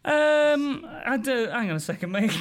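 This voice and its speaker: An English man in casual podcast chat, an animated comedian who tells stories, laughs through them and swears freely. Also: very high voice, a little slow. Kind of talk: casual anecdote-telling chat.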